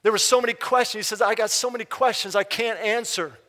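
A man preaching a sermon as pastor, reading scripture slowly and swinging from loud urgent bursts to hushed emphasis. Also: high-pitched, steady tone. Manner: reads scripture slowly and deliberately. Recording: live hall reverb.

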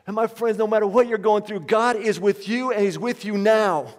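Here a male pastor with a high voice preaches at a moderate pace, stressing and repeating his key lines. The congregation answers him in call-and-response, and the large hall adds a long reverb.

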